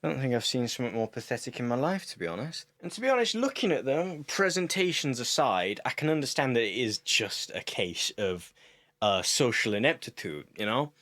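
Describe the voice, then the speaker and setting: A man's voice: medium pitch, expressive, a little fast, a bit bright. A British man hosting a reaction commentary, sarcastic and prone to wandering off on tangents. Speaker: commentary host.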